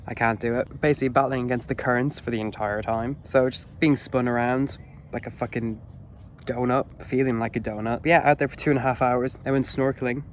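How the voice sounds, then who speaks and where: A man's voice: mid-range voice, fairly even intonation, fairly quick, slight background noise. A young man rambling casually and swearing as he vlogs his trip to camera. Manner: rambling, sweary, self-mocking. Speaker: vlogger. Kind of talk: casual travel vlog.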